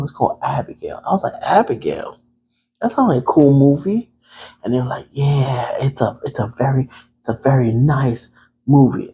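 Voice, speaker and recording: A man's voice: fairly high pitch, warm tone, a little hiss or hum. A man casually reviewing a movie to camera, chatty and playful, talking to his viewers. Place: room with a TV behind him.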